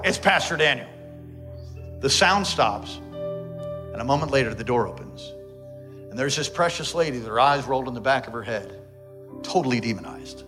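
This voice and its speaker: A man, a pastor, telling a dramatic story in a sermon, swinging between loud excitement and hushed tones. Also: mid-range voice, normal speed, long pauses, music in the background.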